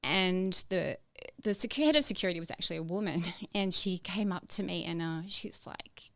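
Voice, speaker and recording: A woman telling her own story in a podcast interview, halting, with many fillers and restarts. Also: on the low side, no room sound, clean studio sound. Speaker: interview guest.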